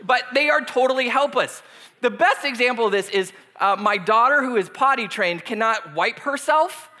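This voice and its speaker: High, bright-voiced joking pastor man. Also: lively intonation, moderate pace. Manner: joking, self-deprecating, laughs often. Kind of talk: casual humorous sermon.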